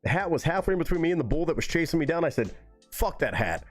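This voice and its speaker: A man on a live stream telling a story in a relaxed, rambling way, swearing freely. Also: on the high side, racing, faint music behind. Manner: relaxed, rambling and heavily profane.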